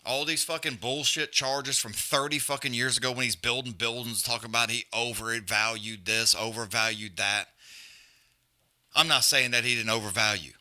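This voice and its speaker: Brash, foul-mouthed streamer, bright sharp voice, rambling and repetitive. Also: male voice, medium pitch, fairly even intonation, moderate pace. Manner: profane, blunt, rambling, repeats himself. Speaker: fight companion stream host. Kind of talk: profane casual rant and live fight commentary.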